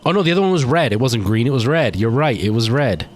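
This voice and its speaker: Very animated and fast, a man from Canada with a mid-range voice talks to his live stream audience during a game. Despite sounding tired, he keeps up a rambling, chatty stream of casual talk aimed at chat.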